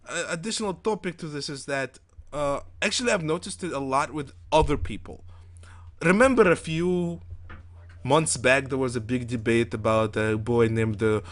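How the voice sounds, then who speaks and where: A man's voice: medium pitch, fairly bright tone. A man from Europe co-hosting a live gaming show, rambling and joking in casual banter full of fillers and restarts.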